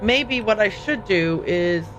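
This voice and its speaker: A woman's voice: mid-range voice, expressive, slow pace, over music. A woman hosting a livestream, chatting casually and rambling as she plays a game, often stopping to correct herself. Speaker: livestream host playing a game. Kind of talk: casual gameplay commentary.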